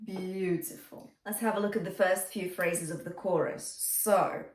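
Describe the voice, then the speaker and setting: A woman's voice: on the low side, steady tone, normal speed. A woman vocal coach teaching a singing lesson, often checking in with "okay?" as she explains technique. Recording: echoey room with faint music.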